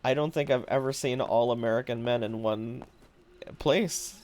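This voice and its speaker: A man's voice: medium pitch, moderate pace, a little mellow. A man streaming a game live, chatting casually with viewers, musing aloud and laughing often. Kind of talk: casual live-stream chat while gaming.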